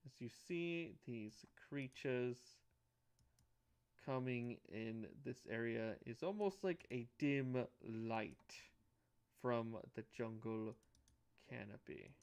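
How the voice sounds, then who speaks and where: Slow, smooth-voiced male game master. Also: mid-range voice, lively intonation, darkish tone. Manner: halting, restarts phrases mid-sentence. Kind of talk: narrating a tabletop game.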